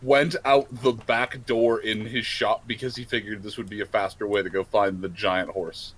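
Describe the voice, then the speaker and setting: Low-voiced man running a tabletop game. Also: level tone, normal speed, fairly bright tone, slightly rough, rough recording. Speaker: game master. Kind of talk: narrating a tabletop role-playing game.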